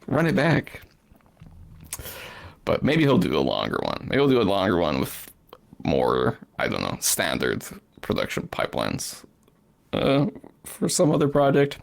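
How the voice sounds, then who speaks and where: A man hosts a podcast in a low, gravelly voice whose pitch swoops wildly, speaking at normal speed. The chat is casual and rambling, and he laughs often and swears freely.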